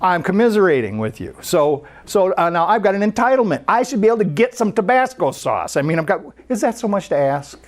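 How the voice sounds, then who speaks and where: Animated storyteller with lively pitch. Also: fairly quick, hardly any pauses. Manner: conversational, animated storyteller with frequent restarts. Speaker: speaker at a spiritual center. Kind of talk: storytelling sermon.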